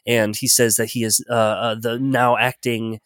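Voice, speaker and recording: A man runs a tabletop game and recaps the last session, rambling and joking with plenty of hesitations. His voice sits at an ordinary middle pitch. The sound is close and dry, with no room around it. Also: level tone, moderate pace, fairly bright tone, no room sound. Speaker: game master.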